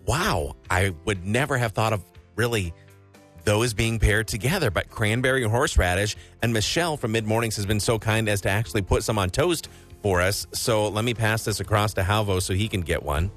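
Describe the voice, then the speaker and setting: A man's voice: on the low side, moderate pace, fairly bright tone, soft background music. A man hosting a casual on-air chat, enthusiastic and talkative, tasting food while he speaks. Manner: chatty, enthusiastic, talks while eating. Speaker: radio show host.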